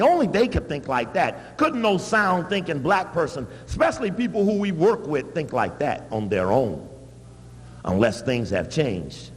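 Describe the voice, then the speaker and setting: A man giving an animated, emphatic public talk with blunt asides. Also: fairly high pitch, big-room sound. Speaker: public speaker.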